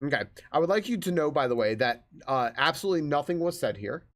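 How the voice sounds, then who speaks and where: A man's voice: fairly high pitch, animated, fast, fairly bright tone. A male streamer reads a heavy old text aloud on a live stream. He stumbles, stops to joke and curse at the page, and carries on in an everyday conversational voice. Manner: stumbling, swearing, exasperated asides while reading. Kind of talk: casual live-stream chat, reading aloud.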